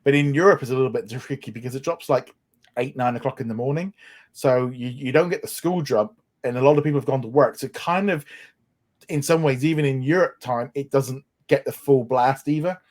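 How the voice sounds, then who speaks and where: Man, podcast co-host, chatty, enthusiastic, mid-pitched voice. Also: a little fast, a little mellow. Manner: chatty, enthusiastic, many restarts. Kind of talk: casual chat.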